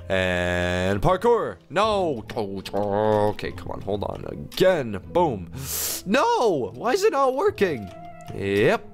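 A man in his twenties gives playful gameplay commentary, sick and yawning, his voice jumping up when he gets alarmed. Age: 20s. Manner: excitable, pitch jumps up when alarmed. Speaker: gaming video host.

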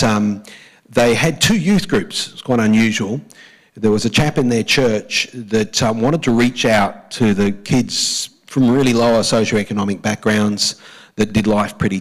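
Preaching to his church, an Australian pastor speaks emphatically, repeats important phrases at a slower pace, and leads the congregation in echoing lines back. He has a lowish voice, and the audio is poor.

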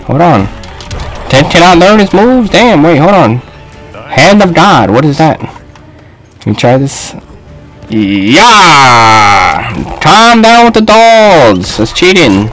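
A man giving loose, excitable gameplay commentary, trash-talking and yelling at his opponent on screen. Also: on the high side, slow, pauses often, faint music behind, poor audio. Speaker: gaming video host.

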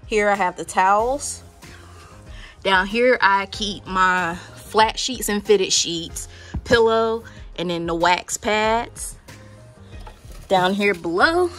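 A young woman with a mid-range, slightly bright voice casually shows viewers around her spa treatment room. She lists the items in a chatty, filler-heavy way, saying "like" and "um" a lot.

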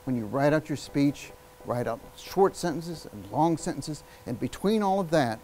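A man giving a live public speaking workshop, energetic and emphatic, shifting his speed and volume and using long pauses. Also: a little high, slight background noise, poor audio. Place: workshop room with an audience.

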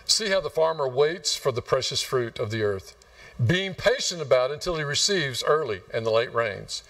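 Folksy pastor preaching from afar. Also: male voice, mid-range voice, animated, moderate pace, a bit bright, distant mic. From West Texas. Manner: folksy, rambling, asks the congregation questions. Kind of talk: sermon. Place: church sanctuary.

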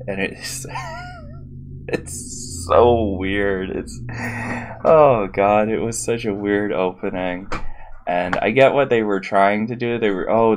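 Low gravelly man rambling a review. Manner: rambling, wry, hesitant with many fillers. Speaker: movie reviewer. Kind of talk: casual spoken review. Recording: audio popping.

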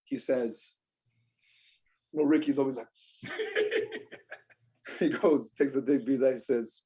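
A young adult man telling a lively story as a podcast guest, acting out what others said. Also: medium pitch, unhurried. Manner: animated storyteller, acts out quotes. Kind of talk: storytelling in casual chat.

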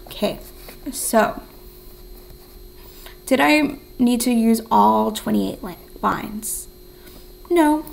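A woman's voice: fairly high pitch, drawn-out words, gravelly, long pauses, poor audio. A young woman teaching a remote writing lesson, encouraging and thinking aloud as she writes. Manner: counts syllables in a soft whisper.

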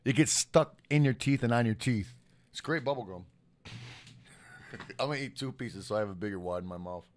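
A man's voice: lowish voice, moderate pace, long pauses, slight background noise. Profane rambling man, podcast co-host. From Michigan. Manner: profane, rambling storytelling with lots of "like". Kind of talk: casual chat.

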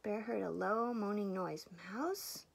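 An older woman reading a picture book aloud, expressive and dropping into soft whispers. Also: medium pitch, normal speed, vocal fry. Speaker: storybook reader.

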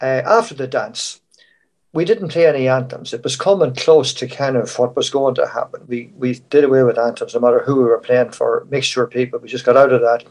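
Speaking a little fast with a steady, slightly mellow, medium-pitched voice, this older Irishman recalls his years touring as a showband musician. He tells the stories in a rambling, anecdotal way on an online panel.

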